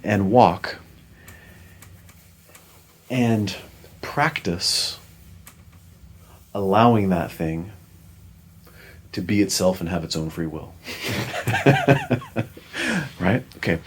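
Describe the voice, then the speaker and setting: A man co-hosting a podcast, chatting casually and telling an animated story that acts out the lines of other people. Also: low-pitched, extremely slow, pauses often, husky. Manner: animated storyteller, acting out quoted dialogue. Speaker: podcast co-host.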